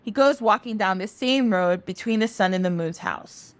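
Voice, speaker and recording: A woman's voice: mid-range voice, normal speed. A woman podcast host retelling a myth in a casual, chatty way. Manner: animated, chatty, laughs easily. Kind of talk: casual storytelling.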